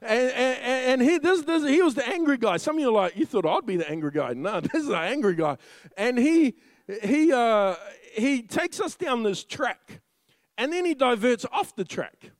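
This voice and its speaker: A young man preaching a sermon as a funny story, lively and laughing often as he tells it. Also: very high-pitched, moderate pace, no room sound.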